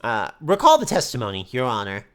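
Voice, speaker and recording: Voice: mid-range voice, wildly swooping pitch, a little fast, a bit bright, voice pushed down. A player reading aloud as an earnest young defense attorney from a video game.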